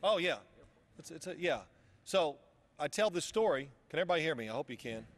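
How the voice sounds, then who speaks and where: A man's voice: fairly high pitch, expressive, fairly quick, big-room sound. A man giving a casual motivational speech at a luncheon, telling a story in a rambling way with frequent restarts. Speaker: luncheon speaker. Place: luncheon event hall.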